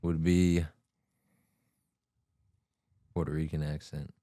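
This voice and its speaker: A young man chatting on a podcast, halting and restarting his sentences. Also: extremely low pitch, level tone, mellow, no room sound, studio quality. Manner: halting, starts and restarts phrases. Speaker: podcast co-host. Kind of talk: casual chat.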